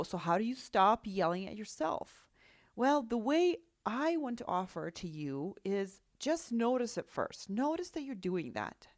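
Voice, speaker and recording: A woman's voice: a little high, dry recording, clean studio sound. A woman with a Russian accent hosting a solo podcast as a life coach, talking in a reassuring, conversational way and often checking in with "right?" and "okay?".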